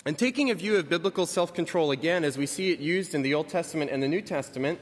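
A man's voice: a little high, fast talker. A man in his thirties, a pastor giving a sermon in a church, talking conversationally, lightly joking and often correcting himself. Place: church sanctuary. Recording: reverberant church hall.

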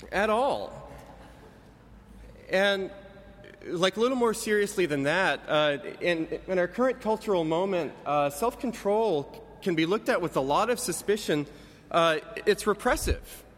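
Thirties pastor preaching casual, kinda high voice, jokes around, big church reverb. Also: male voice, a bit bright. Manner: conversational, self-correcting, lightly joking. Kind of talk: sermon. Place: church sanctuary.

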